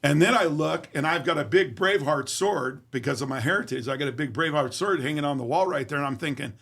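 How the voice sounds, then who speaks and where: Gravelly man telling a story. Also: on the high side, fast, hardly any pauses, fairly bright tone. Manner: vivid, profane, acts out quoted dialogue. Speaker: interview guest. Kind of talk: casual storytelling.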